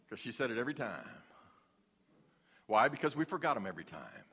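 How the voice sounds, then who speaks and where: A man's voice: medium pitch, big pitch swings, fast, pauses often, a bit bright, husky. A male pastor preaching a folksy, humorous sermon in a church. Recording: long hall reverb.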